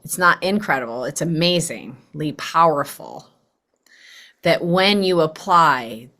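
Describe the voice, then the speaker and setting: Lively woman podcast host. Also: low-pitched, slow. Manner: animated, acts out quoted voices. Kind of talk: casual conversational interview.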